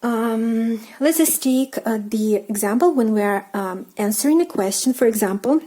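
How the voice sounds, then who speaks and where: A woman with a Russian accent teaching a language lesson, speaking slowly and carefully with many ums and uhs and repeating each example phrase. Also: a little high, lively intonation, warm tone, poor audio. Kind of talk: lesson explaining grammar while writing.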